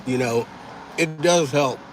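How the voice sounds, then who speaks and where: A man's voice: fairly high pitch, slow, slight background noise. A man hosting a casual livestream, chatting easily with viewers and thanking them one by one. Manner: easygoing, thanks viewers by name, talks while eating. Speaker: livestream host.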